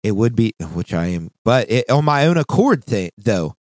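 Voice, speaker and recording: A man's voice: medium pitch, big pitch swings, moderate pace, darkish tone, dry recording. A man chatting casually on a podcast, telling a rambling, profane story as he vents about work. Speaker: podcast co-host.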